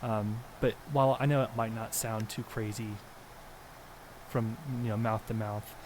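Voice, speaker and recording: A man's voice: lowish voice, fairly even intonation, unhurried, darkish tone, a little hiss or hum. A young man co-hosting a podcast, telling a story in an earnest, rambling way with plenty of ums. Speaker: podcast co-host. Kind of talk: casual storytelling.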